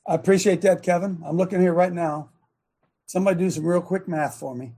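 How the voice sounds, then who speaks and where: A man's voice: sits high, fairly even intonation, brisk, dark tone, breathy edge. A man hosting a long-running talk show, preaching emphatically with rhetorical questions.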